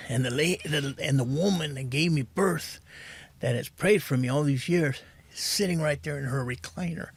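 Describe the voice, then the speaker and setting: A middle-aged man telling his recovery story as a podcast guest, soft-spoken and halting, saying "man" often. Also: on the high side, husky, dry recording.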